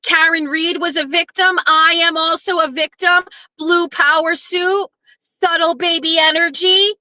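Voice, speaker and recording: Woman host, casual monologue, lively storyteller who acts out lines, crisp and forceful tone. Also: very high voice, a little slow, no echo, rough recording. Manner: animated storyteller who acts out quoted lines, blunt and profane. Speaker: podcast host.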